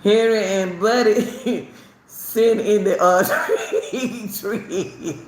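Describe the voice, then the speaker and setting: A middle-aged woman from Chicago tells her own story in a casual, animated way, laughing often and repeating herself. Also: mid-range voice, extremely slow. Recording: roomy echo, faint ambience.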